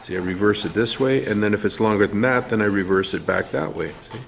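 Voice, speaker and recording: Brisk and gravelly with a lowish pitch, the art teacher narrates his face drawing one step at a time while sketching, dropping in some fillers along the way.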